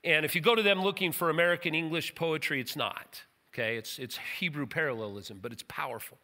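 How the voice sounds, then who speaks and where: A man's voice: a little high, quick pace, sharp tone, in a large hall. A middle-aged man preaching as pastor of his church, folksy and joking, with emphatic turns. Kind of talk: sermon. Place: church sanctuary.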